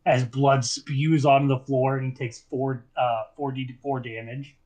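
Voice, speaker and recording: Male game master, mid-pitched, easygoing scene narration. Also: flat delivery, a little mellow, low-quality recording. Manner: descriptive, unhurried narration with fillers.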